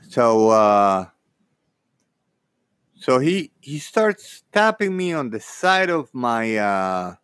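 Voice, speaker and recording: Man, casual storytelling, rambling, slow, lively pitch, dry close sound. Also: clear, resonant tone, no echo. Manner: rambling, full of fillers and restarts, animated.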